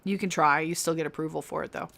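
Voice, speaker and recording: A woman's voice: low-pitched, fairly even intonation, fast, gravelly, fairly bright tone. Giggly chatty woman streaming a game. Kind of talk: casual gameplay commentary.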